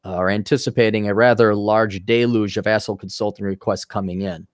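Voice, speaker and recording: A man's voice: fairly low pitch, fairly quick, no room sound, clean studio sound. A man hosting a podcast, telling crude jokes and stories over a video call. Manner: crude, joking, animated storytelling with voiced quotes. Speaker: podcast host. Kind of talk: casual chat.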